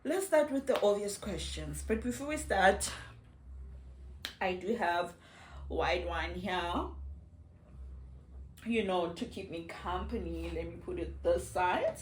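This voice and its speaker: South African woman, 30s, unhurried and playful to-camera vlog talk, phone in an echoey room. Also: on the low side, animated, a little hiss or hum. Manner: chatty and playful, laughing often. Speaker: vlogger. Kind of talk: casual chat to camera.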